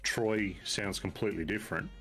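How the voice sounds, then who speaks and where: A man co-hosting a gaming podcast, giving game news in a relaxed, laid-back way. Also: lowish voice, moderate pace, faint music behind. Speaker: podcast co-host. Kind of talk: casual gaming podcast chat.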